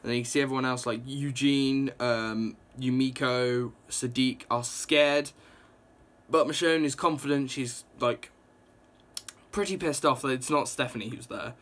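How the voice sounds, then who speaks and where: A young man casually reviewing a comic book, rambling and excitable, with lots of fillers and restarts. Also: medium pitch, unhurried. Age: young adult.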